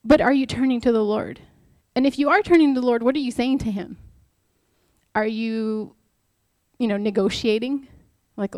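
A woman's voice: fairly high pitch, steady tone, normal speed, a little mellow, no room sound. A young adult woman giving an informal devotional talk, chatty and candid, mixing personal stories with rhetorical questions. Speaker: speaker at a church talk.

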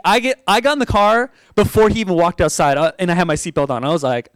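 A man from Oregon preaches through a personal story, animated and quick to laugh, acting out the people he quotes. His voice sits high and sounds smooth and resonant. The sound is close and dry. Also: dry recording. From Oregon, USA. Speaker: pastor. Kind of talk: storytelling sermon.

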